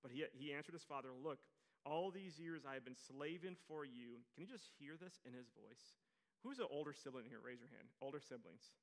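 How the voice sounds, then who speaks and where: A man preaching a sermon to a congregation, reading scripture softly and then speaking out with animated emphasis and asides to the listeners. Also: mid-range voice, brisk. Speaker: pastor.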